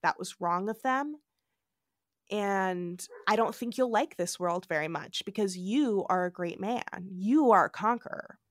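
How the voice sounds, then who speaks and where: A woman casually voicing a soft-spoken young female officer who earnestly admires someone. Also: medium pitch, lively intonation, a little slow, dry recording, natural voice.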